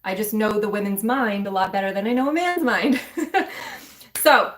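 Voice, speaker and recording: A woman who mentors and spiritually coaches women tells her own story candidly to live-stream viewers, emotional and addressing them directly in a loose, conversational way. Her voice is medium-pitched and a bit bright, at a normal speed.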